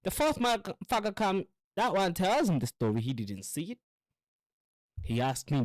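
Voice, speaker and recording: Male host, loose profane monologue, lively swooping pitch, dry close sound. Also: unhurried, long pauses, no echo, low-quality recording. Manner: rambling, profane, philosophical; acts out quotes in animated voices. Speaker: show host. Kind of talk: casual monologue.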